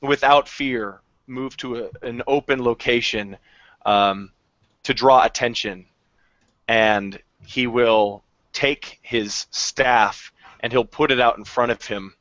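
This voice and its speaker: A man's voice: mid-range voice, slow, fairly bright tone, dry recording. A man playing a tabletop game, hesitantly describing his character's actions. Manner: hesitant, many fillers. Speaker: player. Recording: dry, dull lo-fi audio.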